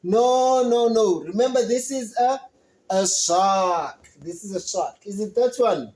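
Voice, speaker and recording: Patient online teacher for small children: unhurried, drills vocabulary over and over, lots of praise. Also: mid-range voice, expressive, a little mellow, low-quality recording. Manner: patient, repeats and spells out words; encouraging, asks questions and praises. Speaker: English teacher for young children. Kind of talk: online lesson for young learners.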